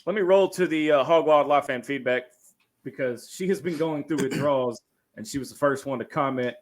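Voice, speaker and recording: A man hosting a casual sports podcast, jokey and animated as he reads out fan feedback. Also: mid-range voice, moderate pace. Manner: animated, jokey, hands off between topics.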